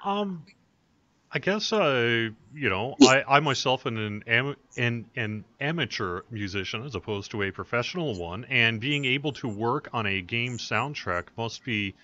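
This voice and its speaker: A man interviewing musicians, asking questions in a halting way with many restarts. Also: medium pitch, lively intonation, sharp tone, no room sound. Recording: dull lo-fi sound.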